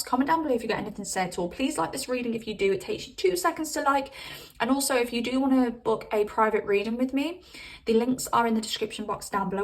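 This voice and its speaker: A woman's voice: on the high side, recorded from a distance, low-quality recording. A woman giving a casual tarot reading, chatty and rambling, cursing casually and calling her viewers babes. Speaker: tarot reader.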